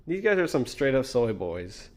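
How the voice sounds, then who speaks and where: A man's voice: medium pitch, very animated, moderate pace, darkish tone. Sarcastic ranting man. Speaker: streamer reacting to a clip. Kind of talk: sarcastic rant commentary.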